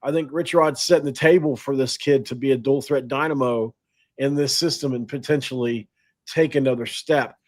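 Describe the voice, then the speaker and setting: A man's voice: medium pitch, fairly even intonation, moderate pace. Chatty sports podcast host, a man. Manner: chatty, rambling, self-deprecating, laughs often. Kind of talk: casual sports podcast talk.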